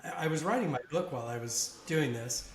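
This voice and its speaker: A man with a slightly raised pitch tells a story on a podcast, casual and animated, laughing along. The room rings with echo, and a faint hiss sits under his voice. He talks the way a guest does when he has told a story before and enjoys it. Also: brisk. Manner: animated anecdote-teller who laughs along.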